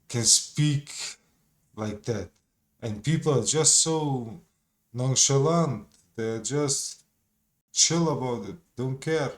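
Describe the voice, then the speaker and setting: Exasperated man, slow and casual. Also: medium pitch. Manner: casual, exasperated, swears, slangy. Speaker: video commentator. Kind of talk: casual reaction commentary.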